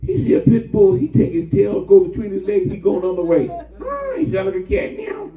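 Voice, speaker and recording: A man preaching a sermon, telling stories with animated call-and-response. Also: high voice, quick pace, faint music behind. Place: church. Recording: echoey church from far off, phone-like sound.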